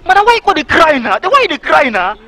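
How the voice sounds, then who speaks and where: A man's voice: extremely high pitch, wildly swooping pitch, quick pace, pushed and bright, full character voice. A Nigerian actor playing a boastful ex-militant servant who speaks Pidgin and keeps pressing his madam to tell him what is wrong. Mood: insistent. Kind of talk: film drama acting. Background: film score.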